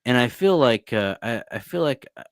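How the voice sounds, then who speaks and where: A man telling a personal faith story in a relaxed, reflective way over a video call, with frequent fillers and restarts. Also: mid-range voice, normal speed, creaky, no room sound, clean studio sound. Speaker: former monk, podcast guest or host. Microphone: video call over unstable internet.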